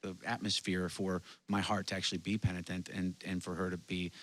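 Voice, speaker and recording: A man's voice: low-pitched, flat delivery, a little fast, a bit bright. A man from Texas, a guest musician, telling personal stories in an earnest, confessional way during casual conversation. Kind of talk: casual chat.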